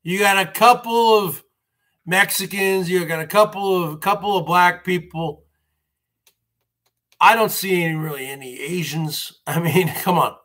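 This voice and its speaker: At a measured pace, a male livestream host rants in a high, bright, slightly tense voice, drawing his phrases out. He keeps repeating himself and turns again and again to his viewers, calling them folks.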